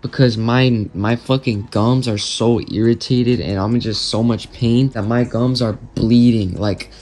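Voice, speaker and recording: Young guy, casual storytime vlogger, mid-pitched voice, swears constantly and talks straight to his viewers. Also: fairly even intonation, measured pace, a little mellow. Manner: profane, rambling, addresses viewers as boys.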